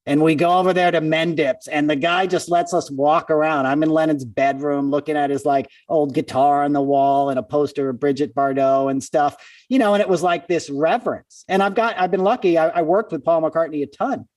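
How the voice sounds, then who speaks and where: A man's voice: fairly high pitch, no room sound, recorded from a distance. Man telling stories, a bit off-mic. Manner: animated storyteller, quick asides. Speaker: comedian and podcast host, guest. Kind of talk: casual phone-in interview storytelling.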